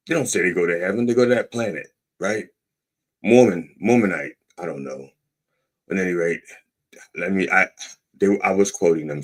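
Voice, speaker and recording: A man hosting a podcast, reading news items and breaking off into profane, sarcastic asides in a mock-preacher manner. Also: on the low side. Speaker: podcast host. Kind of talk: irreverent satirical commentary.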